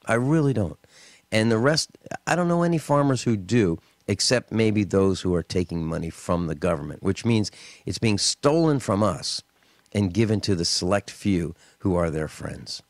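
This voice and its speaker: A man hosting a talk radio show, telling stories and ranting in an indignant, animated way with mocking asides. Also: fairly low pitch, normal speed, dry recording.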